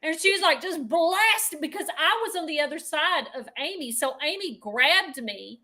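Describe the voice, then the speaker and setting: A woman's voice: high voice, animated, normal speed, sharp tone. A woman co-hosting a podcast, telling a story in a casual way and laughing often as she goes. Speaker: podcast co-host.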